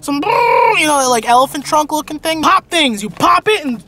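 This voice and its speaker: A young man chats as a co-host in a goofy, hyper way. His voice sits high and swoops all over, jumping into loud excited yelps. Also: moderate pace. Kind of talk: casual comedic chat.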